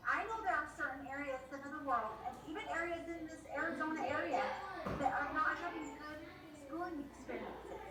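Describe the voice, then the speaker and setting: A woman, a mother on a discussion panel, talking emphatically and in exasperation, acting out what others say in animated voices. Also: sits high. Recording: echoey room, distant mic, noisy.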